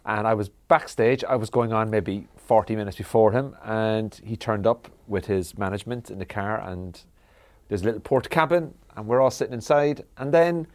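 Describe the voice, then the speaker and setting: A man's voice: fairly low pitch, moderate pace. Comedian guy telling a funny backstage story, does the voices of people in it. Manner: building a story with acted-out quotes. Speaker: stand-up comedian panellist. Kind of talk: telling a comic anecdote on a panel show.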